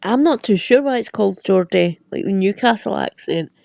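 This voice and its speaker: Gravelly Scottish woman chatting to viewers. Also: medium pitch, lively intonation, normal speed, a little mellow, no room sound. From Scotland. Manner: rambling, filler-heavy, laughs often. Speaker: livestream host. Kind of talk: casual chat with viewers. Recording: dull lo-fi sound.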